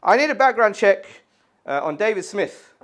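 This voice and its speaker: A brisk, businesslike English policeman, put on by a comedian, who spells names out in a clipped, matter-of-fact way. The pitch moves up and down freely. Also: animated, fairly bright tone. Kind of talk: stand-up impression.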